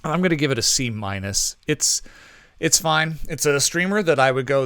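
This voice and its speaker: A man's voice: a little high, expressive, normal speed, fairly bright tone, smooth, no echo, clean studio sound. A man co-hosting a movie podcast, giving casual reviews in a rambling way, full of ums and self-corrections.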